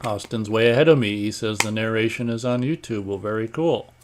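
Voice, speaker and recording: A man's voice: on the low side, brisk, background noise. Rambling man hosting a casual stream. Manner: rambling and offhand, clears throat often. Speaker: host of a live online radio stream. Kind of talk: casual chat while reading viewer comments aloud.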